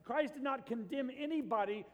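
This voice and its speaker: A man preaching a sermon as pastor, swinging between loud emphasis and hushed asides. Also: very high-pitched, moderate pace, big-room sound.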